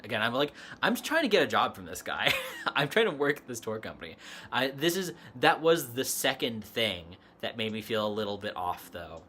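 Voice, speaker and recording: Bright-voiced man rambling through a story. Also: mid-range voice, very animated, moderate pace, a little hiss or hum. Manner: rambling, laughs often, many fillers. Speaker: livestream host. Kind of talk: casual storytelling chat.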